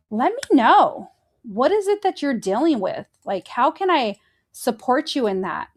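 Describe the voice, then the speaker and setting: A woman hosting a faith-based motivational podcast, talking earnestly and encouragingly straight to her listeners and gently guiding them through breathing exercises. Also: sits high. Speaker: podcast host.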